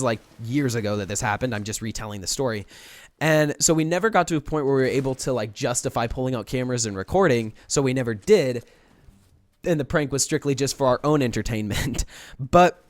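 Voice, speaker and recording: A young man in a storytime vlog, retelling a prank in a rambling, animated way with many restarts. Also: medium pitch. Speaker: vlogger.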